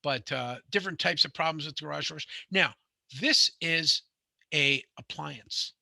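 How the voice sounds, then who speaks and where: A man's voice: a little high, unhurried, gravelly, pushed and bright, no echo. A middle-aged man, teaching a home inspection class in a rambling, conversational way, full of fillers and restarts. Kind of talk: classroom lecture with anecdotes.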